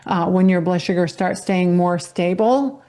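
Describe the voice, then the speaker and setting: A woman's voice: on the low side, unhurried, warm tone. A woman doctor appearing as a guest, patiently explaining health matters in casual chat.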